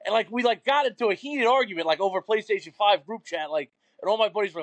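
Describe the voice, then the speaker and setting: A man's voice: high-pitched, fast talker, fairly bright tone, no room sound. A young man, a podcast guest telling rambling, profane stories in casual chat.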